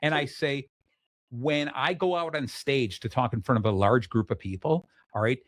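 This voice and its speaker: A man hosts a talk show, telling lively stories with bursts of energy and repeated restarts. His mid-range voice is recorded close and dry, with no room sound. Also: medium pitch, normal speed, no echo. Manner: energetic storytelling, many restarts. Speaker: host. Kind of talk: casual chat.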